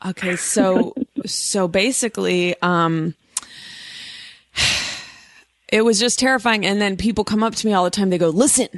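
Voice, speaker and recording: Jokey woman podcast host, 30s, middle pitch, dry close mic. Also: unhurried, pauses often, fairly bright tone, dry recording. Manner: playful, swears, mock campfire-story whispers. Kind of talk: casual comedic storytelling.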